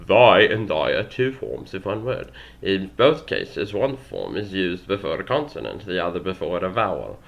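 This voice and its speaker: Low-voiced young guy reading a language book out loud, self-deprecating, tripping over words. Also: big pitch swings, moderate pace, gravelly, lo-fi sound. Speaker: language learner vlogger. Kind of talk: reading a textbook aloud with asides.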